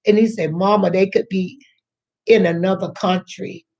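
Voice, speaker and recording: A woman's voice: medium pitch, steady tone, vocal fry, darkish tone, dull audio. An older woman, a grandmother, telling a personal story in a chatty, rambling way, repeating herself and acting out what others said. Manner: slow, chatty, repeats herself, acts out quoted voices. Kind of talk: casual storytelling to camera.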